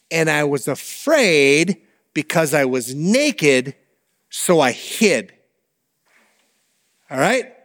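A man preaching a sermon in an animated, conversational way, with asides to the congregation. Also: on the high side, big-room sound. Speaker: pastor.

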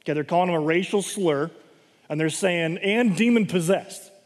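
A man's voice: on the high side, fairly even intonation, fairly quick. A man preaching a sermon. He reads scripture aloud and keeps stopping to explain it with "okay" and "right". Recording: long reverb of a large hall.

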